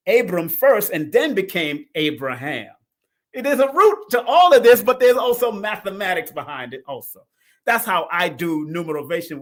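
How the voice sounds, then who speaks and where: Hosting a live numerology talk show, a middle-aged man with a fairly high voice keeps things casual and animated. He laughs frequently and moves from loud bursts to soft asides.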